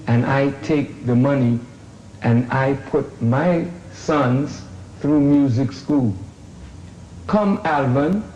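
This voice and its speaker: A man's voice: medium pitch, warm tone, roomy sound, lo-fi sound, slight background noise. A man doing a proud Caribbean mother. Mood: commanding. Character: proud, firm Caribbean mother standing up to a social worker.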